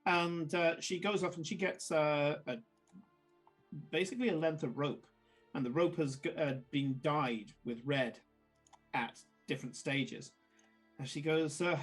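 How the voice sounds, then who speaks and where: A man runs a tabletop game. His narration is casual and halting, full of fillers and restarts, and his voice sits fairly high for a man. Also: soft background music. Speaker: game master.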